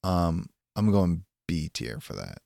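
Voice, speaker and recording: A man's voice: sits low, big pitch swings, takes it slowly, vocal fry, dark tone, dry recording, clean studio sound. A young man co-hosting a film podcast, chatting in a laid-back way, saying "dude" and trailing off. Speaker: podcast co-host. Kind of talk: casual chat.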